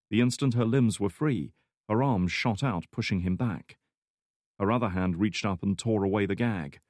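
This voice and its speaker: A man narrating a thriller audiobook in a measured, even storytelling manner. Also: sits low, no room sound, studio quality. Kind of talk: scripted narration.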